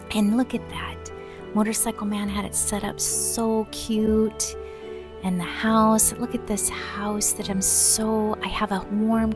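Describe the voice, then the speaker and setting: A middle-aged woman narrating a soft, wistful voice-over for her vlog. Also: medium pitch. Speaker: vlogger. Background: clear background music.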